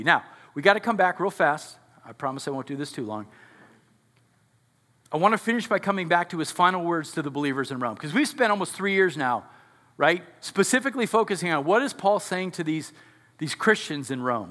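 A pastor preaches in a church sanctuary, his high, bright voice ringing with the hall's long reverb. He speaks conversationally and keeps asking his congregation questions.

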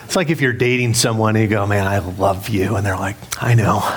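Low-voiced pastor telling a family story. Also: male voice, fairly quick, noisy background. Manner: candid, self-deprecating storytelling with humor. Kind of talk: sermon. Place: church sanctuary.

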